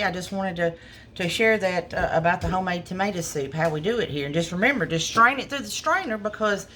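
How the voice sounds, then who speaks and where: A woman's voice: on the low side, fairly bright tone, a little hiss or hum. A woman, chatting casually to viewers as she cooks in a restaurant kitchen, filmed on a phone camera. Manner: homey, chatty, addresses viewers as y'all. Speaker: small restaurant cook. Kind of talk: casual cooking video.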